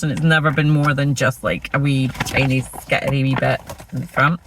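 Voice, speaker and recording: A woman's voice: a bass voice, steady tone, brisk, a little hiss or hum, poor audio. A Scottish woman chatting casually and rambling about her stitching projects in a self-deprecating way. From Scotland. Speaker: flosstube host. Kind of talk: casual chat showing cross-stitch projects.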